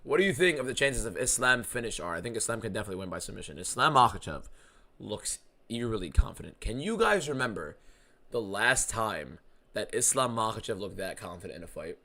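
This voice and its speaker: A man hosting a live fight watchalong stream, talking in an excitable, profane and rambling way. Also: on the low side, a little fast. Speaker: streamer host.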